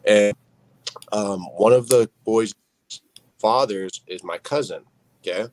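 A man's voice: lowish voice, takes it slowly, darkish tone, dry recording, low-quality recording. A young man speaking as a podcast guest, telling his story earnestly and padding it with fillers like "you know what I mean.". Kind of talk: candid storytelling interview.

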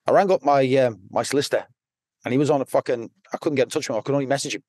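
A man's voice: medium pitch, very fast, darkish tone, no echo, studio quality. A man with a Liverpool accent, a podcast guest telling his story bluntly, rambling and swearing constantly. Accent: Liverpool (Scouse). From Liverpool, England. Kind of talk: casual storytelling.

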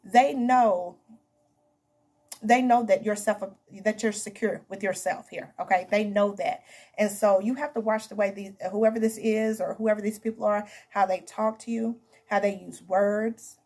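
A woman's voice: medium pitch, steady tone, measured pace, a little mellow. A woman giving a casual tarot reading to camera, chatty and emphatic, calling her viewers honey and baby. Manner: emphatic, repeats herself. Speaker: tarot reader.

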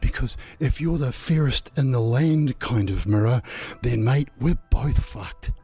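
A man's voice: medium pitch, animated, unhurried, dark tone, husky, faint music behind. A man voicing a spoiled, rude young man in a spoken fairy tale. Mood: incredulous.

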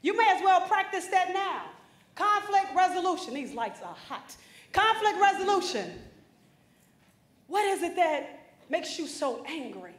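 A woman gives a motivational conference speech in a high, ringing voice. She is emphatic and preacherly and talks straight to a room of students. Her voice echoes through a large hall. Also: sing-song, a little slow. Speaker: motivational speaker.

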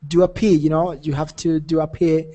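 A man's voice: on the high side, level tone, moderate pace, dark tone. A man teaching an English conversation class, encouraging and repetitive, laughing often.

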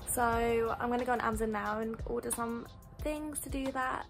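Young woman, casual room-tour vlogger, even delivery, music bed behind. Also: on the high side, moderate pace. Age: young adult. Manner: chatty, listing items as she goes. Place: student bedroom in university housing. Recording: music playing under the voice.

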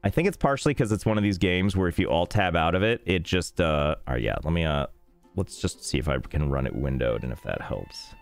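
A man's voice: sits low, expressive, a little fast, vocal fry, no room sound. A man streaming a game, chatting casually and self-mockingly as he fights technical trouble. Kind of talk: casual live-stream chat. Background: faint game music.

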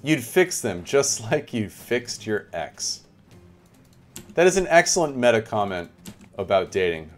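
A young male streamer gives chatty, animated live commentary while playing a game, talking to his chat. His voice is on the low side and a little slow, with faint music in the background.

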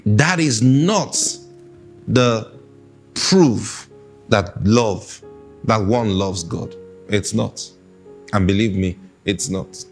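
A man's voice: on the low side, extremely slow, pauses often, soft background music. A man preaching a sermon, emphatic and repeating phrases for stress.

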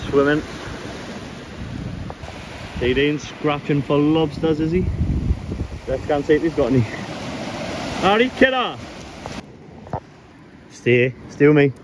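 A man's voice: a little high, animated, slow, long pauses, noisy background. A man walking his dog outdoors on a coastline, chatting casually and coaxing the dog in a sing-song voice, swearing freely.

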